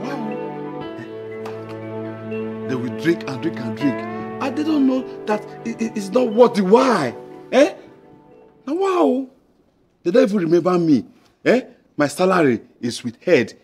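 A bitter Nigerian gardener who grumbles to himself, with a husky, breathy voice that rises and falls a lot. Soft film music runs underneath. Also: male voice, high-pitched, exaggerated voice. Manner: muttering to himself, resentful. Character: grumbling unpaid male gardener.

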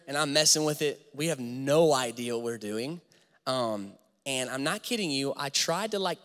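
A young man in his twenties, a youth pastor talking to teenagers at a church service in a lively, slangy way, telling a story. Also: a little high. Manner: animated, slangy, talks straight to the crowd. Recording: long hall reverb from a church auditorium.

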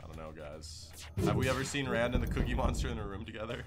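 A man's voice: medium pitch, lively intonation, quick pace, loud music behind the voice. A man streaming a game live, chatting loosely and joking with his viewers in slangy casual talk. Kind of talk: casual live gameplay commentary.

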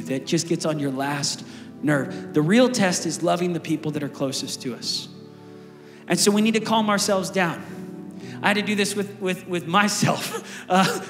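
A man with a high voice preaches to a large church congregation, chatty and lively, often asking them questions. His voice echoes through a big hall with long reverb while music plays clearly underneath. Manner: conversational, energetic preaching with asides to the congregation. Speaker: pastor. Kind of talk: sermon.

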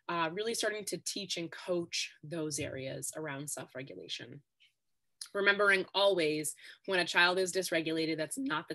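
A woman's voice: fairly low pitch, sharp tone. A woman speaking as a guest expert on a podcast, explaining steadily and often stressing her points with "really". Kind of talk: podcast interview.

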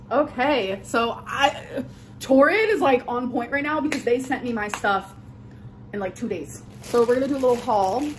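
A woman's voice: a little high, unhurried, pauses often, slight background noise. A young adult woman chatting casually in her vlog, rambling and full of "like". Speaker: vlogger.

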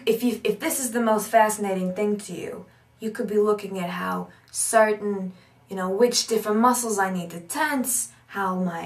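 A woman giving an animated talk as an accent coach, thinking aloud with many asides. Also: medium pitch. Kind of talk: instructional talk. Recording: roomy echo, distant mic.

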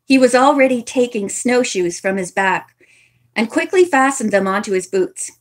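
A woman's voice: a little high, expressive, moderate pace. A woman reading a novel aloud in a casual way, with chatty asides between passages. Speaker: reader.

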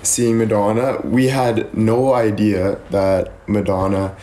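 A man's voice: fairly low pitch, flat delivery, slow, warm tone. A young man from Canada chatting casually on a live stream, rambling and thanking viewers as he goes.

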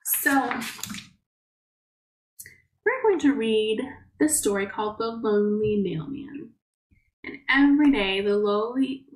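A woman preschool teacher reading a picture book aloud to young children, gently explaining words and asking them questions. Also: mid-range voice, reverberant, low-quality recording.

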